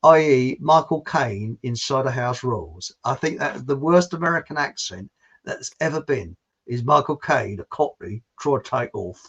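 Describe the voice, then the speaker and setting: A man's voice: mid-range voice, expressive, moderate pace, a bit bright, slightly rough. A British man hosting a casual chat, rambling and chatty, laughing at his own jokes. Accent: British English. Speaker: host. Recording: muffled lo-fi audio.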